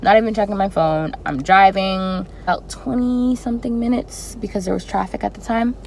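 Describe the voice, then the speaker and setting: A young woman telling a personal story in a casual vlog, animated and expressive with dramatic reactions. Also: medium pitch, normal speed, slight background noise, low-quality recording. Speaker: flight attendant vlogger.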